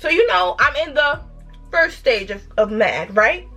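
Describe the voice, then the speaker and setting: Animated New York woman telling a story. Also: a little high, a little slow, soft background music. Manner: animated, emphatic storytelling with rhetorical questions. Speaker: vlogger. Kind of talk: storytime vlog.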